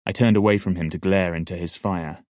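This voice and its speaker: Male audiobook narrator, very low voice, steady read, dry close sound. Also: a little fast, no room sound. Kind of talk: scripted narration.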